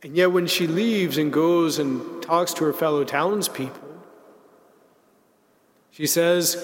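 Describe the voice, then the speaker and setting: Reflective male preacher in a hall. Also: fairly high pitch. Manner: measured, reflective, slowing down on key words. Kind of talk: sermon. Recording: long reverb in a large hall.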